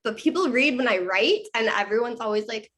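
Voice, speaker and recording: Higher-voiced chatty woman host. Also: lively intonation, fairly quick, a bit bright. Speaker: podcast host, dog trainer. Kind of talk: casual podcast chat.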